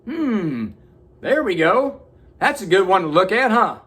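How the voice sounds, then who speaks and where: A man's voice: high-pitched, very animated, measured pace, a bit bright, husky. A man giving an earnest, preachy motivational self-help talk, swearing casually. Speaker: motivational vlogger.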